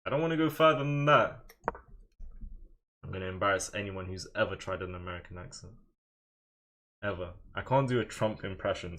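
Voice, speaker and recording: A young man streaming chess live, chatting with viewers in a fairly low voice. He jokes, brags and answers chat questions as he plays. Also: brisk, pauses often, a bit bright. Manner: joking, boastful, reads out chat.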